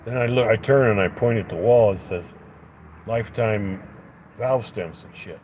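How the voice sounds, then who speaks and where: A man's voice: lowish voice, normal speed, darkish tone, slight background noise, poor audio. A man angrily telling a story in a profane rant, acting out both sides of an argument. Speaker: livestreamer. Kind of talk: angry ranting story.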